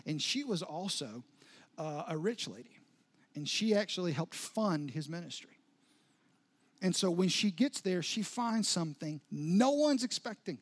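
A pastor preaching a sermon, retelling a story with dramatic soft drops and rising intensity. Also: male voice, fairly high pitch.

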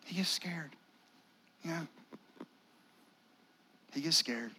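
A male pastor, preaching a sermon in a conversational style with dramatic pauses and near-whispers. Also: on the high side, pushed and bright, slight background noise.

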